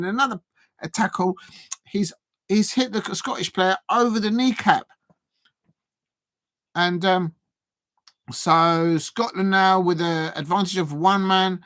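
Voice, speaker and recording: A man hosting a live football watch-along, chatting with viewers and getting excitable, even shouting, at big moments in the match. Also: high voice, measured pace, long pauses, no echo. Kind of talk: live match reaction and chat.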